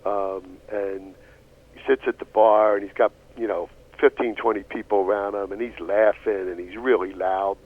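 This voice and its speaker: A man telling a long, animated story on a radio talk show, swearing casually as he goes. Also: on the low side, normal speed. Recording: tinny phone-like radio audio.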